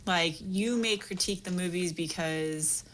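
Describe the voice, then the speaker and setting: Young woman cohost, giggly, bright lowish voice, faint hiss. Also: unhurried. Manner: giggly, teasing. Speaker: podcast co-host. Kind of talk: casual chat.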